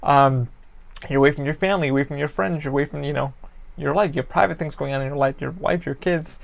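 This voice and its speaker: A man's voice: fairly high pitch, fast, vocal fry. A young man hosting a solo podcast, rambling casually and profanely about football. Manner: rambling, profane, animated sports talk. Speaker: podcast host.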